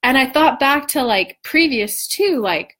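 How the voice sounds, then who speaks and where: A woman in her thirties telling a personal story to her viewers in a casual, animated way, swearing freely and acting out what people said. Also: high voice, measured pace. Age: 30s. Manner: animated, swearing, acts out quoted dialogue. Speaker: spiritual coach and vlogger.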